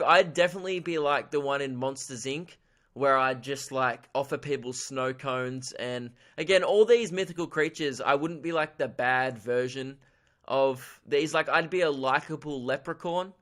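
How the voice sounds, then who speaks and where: A man's voice: medium pitch, a bit bright. A young man hosting a solo comedy podcast, rambling in a goofy, self-mocking way and laughing at his own jokes. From Australia. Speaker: podcast host.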